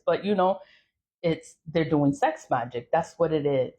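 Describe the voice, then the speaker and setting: A woman's voice: lowish voice, normal speed. A woman talking straight to camera in a blunt, profane warning rant, telling stories with lots of energy. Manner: blunt, profane, animated storytelling. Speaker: vlogger.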